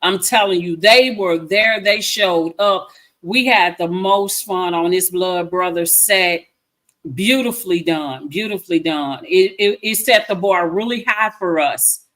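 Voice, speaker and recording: A woman's voice: on the low side, measured pace, a bit bright. A woman, chatting effusively as a filmmaker guest and repeating herself for emphasis. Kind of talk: casual interview chat.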